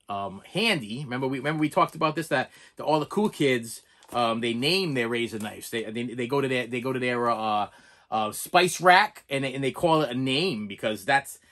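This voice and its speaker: A man's voice: on the high side, a bit bright. A middle-aged man rambling and joking through a casual unboxing chat, repeating himself as he goes. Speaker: movie collector vlogger.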